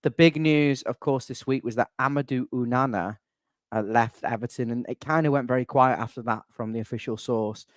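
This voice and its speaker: A man's voice: mid-range voice, fairly even intonation, a little fast, dry recording, studio quality. A young man hosting a casual fan show, chatty and wry with rambling asides. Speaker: channel admin and host. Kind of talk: casual fan podcast chat.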